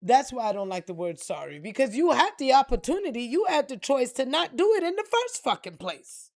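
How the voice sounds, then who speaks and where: A woman's voice: high-pitched, very animated, a little fast. A woman spiritual reader ranting to camera in a blunt, profane, heated way. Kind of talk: unscripted rant to camera.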